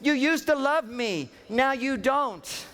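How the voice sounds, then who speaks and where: A man's voice: extremely high pitch, lively intonation, slow, fairly bright tone, heavily acted. A man putting on a complaining wife's whine. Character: exasperated wife listing complaints.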